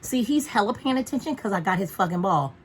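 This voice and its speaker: A woman's voice: medium pitch, expressive, fast, slight background noise. A woman vlogging from home in a frank, profane, chatty way about caring for her dog. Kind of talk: casual rambling chat.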